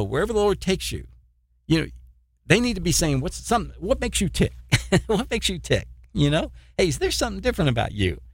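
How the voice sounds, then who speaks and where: A man's voice: medium pitch, no room sound, clean studio sound. A man preaching an informal sermon in an earnest, repetitive way, often adding "you know" and chuckling.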